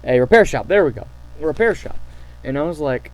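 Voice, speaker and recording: Excitable rambling man telling stories. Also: a little high, fairly quick, poor audio. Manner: excitable, rambling, many fillers and restarts. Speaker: channel host. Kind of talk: casual storytelling to camera.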